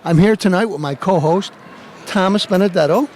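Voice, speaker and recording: A man's voice: high-pitched, normal speed, slight background noise. A man hosting his show, hyping the event and interviewing people in a playful, hammy showman manner. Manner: animated, playful hype-man delivery. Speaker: show host.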